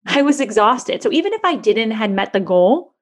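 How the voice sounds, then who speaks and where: A woman in her thirties telling a personal story in a candid interview, lively and chatty, acting out the voices of people she quotes. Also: a little high, normal speed. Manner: animated, acts out quoted voices, frequent "like" fillers. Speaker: guest.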